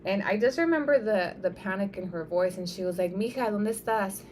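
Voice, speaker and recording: A young woman on a live stream telling a personal story in a casual, animated way, with lots of "like" and "right?" and the odd swear word. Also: medium pitch, brisk, a little hiss or hum.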